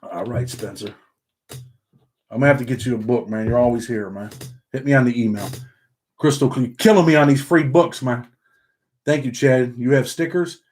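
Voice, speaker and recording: A man's voice: medium pitch, normal speed, pauses often, darkish tone. Laid-back man with a Southern country twang. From upstate New York. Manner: ends sentences with "man". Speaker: livestream host reading chat. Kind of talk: casual livestream chat.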